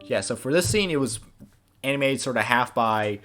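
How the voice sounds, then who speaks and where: A man, the creator of an animated series, giving a casual, rambling director's commentary with many fillers. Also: mid-range voice, normal speed, faint music behind.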